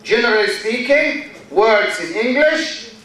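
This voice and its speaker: A man teaches in a big echoing hall, heard from a distance. His voice sits high and he speaks slowly, repeating words and firing questions at his students. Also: animated, sharp tone. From Egypt. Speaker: university lecturer. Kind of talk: classroom lecture. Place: lecture hall. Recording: echoey hall, distant mic.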